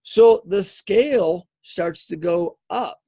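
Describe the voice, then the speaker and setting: A male fitness coach giving an energetic live coaching talk, emphatic and repetitive, often checking in with "okay?". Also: high voice, takes it slowly, breathy edge. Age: adult, married eighteen years.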